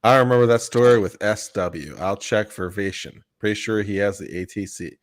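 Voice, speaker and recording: Deep-voiced male co-host, playful, tosses in "baby" asides. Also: normal speed. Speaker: co-host reading super chats. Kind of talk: casual livestream chat.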